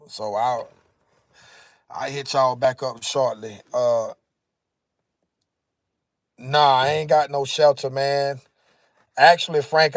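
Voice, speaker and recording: Sitting in his car, a worn-out, tearful man talks casually to his livestream viewers in weary, slang-heavy speech. His voice is mid-range and a bit bright, captured with studio quality and no echo.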